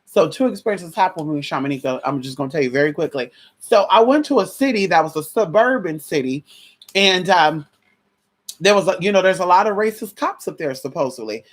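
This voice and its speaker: A woman vlogger casually telling a story to a viewer, sassy and slangy, acting out what people said. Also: brisk. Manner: sassy, animated, slangy, swings pitch widely acting out quotes. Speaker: vlogger giving advice.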